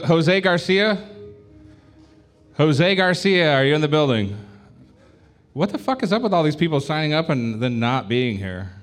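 A man hosting a live comedy show, brash and profane, calling performers up to the stage. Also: mid-range voice.

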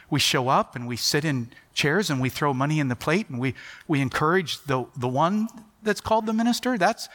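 A man's voice: on the high side, fairly bright tone. A middle-aged man preaching a sermon, telling stories animatedly and acting out the dialogue. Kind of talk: sermon storytelling. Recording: long hall reverb.

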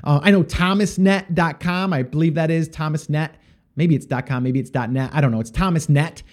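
Podcast host, male, high-pitched, casual and rambling with fillers; answers listener questions. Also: fairly quick, a little mellow. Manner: rambling, with frequent fillers and restarts. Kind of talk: casual solo podcast advice.

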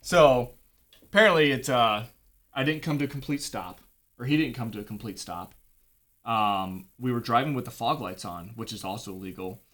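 A man's voice: medium pitch, moderate pace, fairly bright tone. Young man, casual storyteller, profane and laid-back. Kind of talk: casual anecdote.

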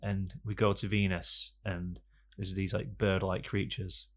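Gravelly man rambling jokily. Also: low voice, level tone, a little slow. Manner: rambling, jokey storytelling with frequent fillers. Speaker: podcast co-host. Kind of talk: casual banter.

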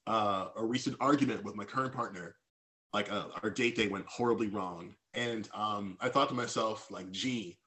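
A man's voice: on the low side, moderate pace, bright, forceful tone. A man as a podcast guest, speaking candidly and reflectively about personal feelings, with many fillers and restarts.

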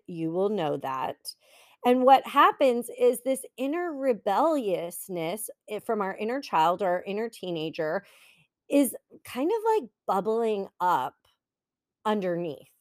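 A woman's voice: mid-range voice, no room sound, studio quality. A middle-aged woman hosting a solo podcast, talking in an earnest, encouraging and heartfelt way. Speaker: podcast host and coach. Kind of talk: reflective solo podcast talk.

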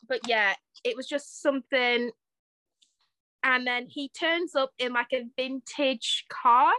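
A young woman co-hosting a podcast in casual chat, laughing often and filling pauses with ums. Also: a little high, sharp tone, no room sound. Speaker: podcast co-host.

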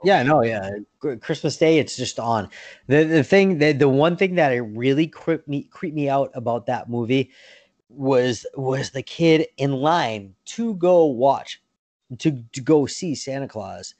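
A man chatting casually on a podcast, rambling through his stories with frequent laughs and restarts. His voice sits at a middle pitch and sounds close and dry, with no room around it. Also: expressive, unhurried, a little mellow, no echo. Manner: rambling, laughs often, repeats words. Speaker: podcast host. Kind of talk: casual chat.

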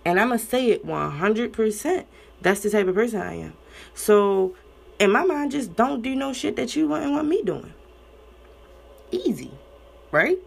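A young woman talking candidly and profanely about relationships and family, with loud high bursts when she gets worked up. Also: lively intonation, measured pace, creaky, long pauses, breathy edge. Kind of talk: candid casual monologue.

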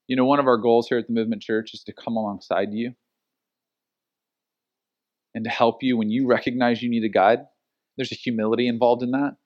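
A middle-aged man preaching a sermon as pastor, telling stories and acting out the quotes with lively energy. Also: mid-range voice, fairly quick, long pauses, dull audio. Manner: animated storytelling with acted-out quotes.

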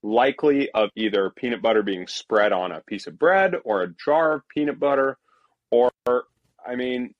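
A man's voice: mid-range voice, expressive, moderate pace, no echo, muffled recording. A man co-hosting a podcast in casual, jokey, rambling chat. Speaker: podcast co-host.

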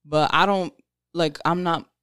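A woman's voice: lowish voice, fairly even intonation, unhurried, a bit bright, smooth, no echo, clean studio sound. A young woman hosting a podcast, talking reflectively and openly in casual slang. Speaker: podcast host.

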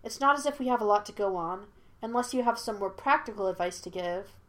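Gentle, resolute young woman, soft and firm, read by a woman. Quiet storybook voice, close to the reader's own. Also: mid-range voice, fairly quick, lightly acted.

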